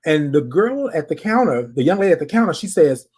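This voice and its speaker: Animated, husky podcast storyteller. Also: medium pitch, a little fast. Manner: animated, repeats phrases, addresses listeners directly. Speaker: podcast host.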